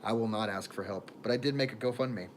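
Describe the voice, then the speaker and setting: A man's voice: on the low side, fast talker, slight background noise. Rambling man livestreaming from a phone. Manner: rambling, laughs often, trails off. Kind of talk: casual livestream chat. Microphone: phone camera.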